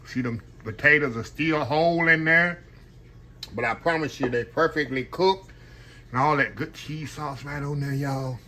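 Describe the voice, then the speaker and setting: A man's voice: mid-range voice, pushed and bright, a little hiss or hum. A man giving a casual cooking demonstration, chatting to his viewers and calling them y'all. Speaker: home cook hosting a cooking channel.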